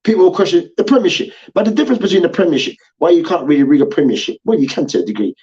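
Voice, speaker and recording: A man rants about sport, swearing and hammering the same points over and over. His voice sits a little high for a man. The recording sounds dull and lo-fi. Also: lively intonation, very fast, darkish tone. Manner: swearing, repetitive, mocking chants. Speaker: sports debate show host. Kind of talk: heated sports rant.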